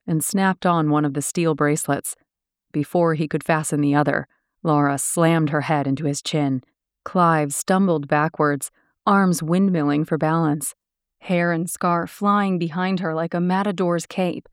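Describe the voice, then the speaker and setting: A woman reading an audiobook in steady, descriptive scripted narration. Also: low-pitched, smooth, no room sound, clean studio sound.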